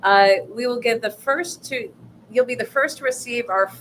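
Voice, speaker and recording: A woman's voice: on the high side, moderate pace, fairly bright tone, low-quality recording. Upbeat woman workshop co-host, promotional and chatty, faint background noise. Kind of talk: workshop talk on pitching investors.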